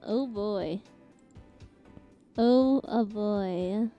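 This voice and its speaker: A woman's voice: mid-range voice, drawn-out words, dull audio, faint music behind. A young woman from Canada chatting casually with her live-stream chat, giggling often and reacting to messages.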